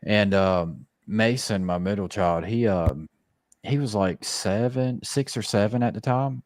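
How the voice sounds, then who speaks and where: Low-voiced man telling a profane story. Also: unhurried, dry recording, studio quality. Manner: loose, profane, animated storytelling. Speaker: podcast co-host. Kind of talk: casual chat, storytelling.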